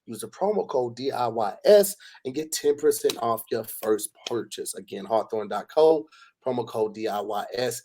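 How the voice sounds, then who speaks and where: A man co-hosting a casual podcast, reading a sponsor ad and chatting, hyping with slang and rising shouts. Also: mid-range voice, expressive, normal speed, slight background noise. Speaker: podcast co-host. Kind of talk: casual podcast ad read and chat.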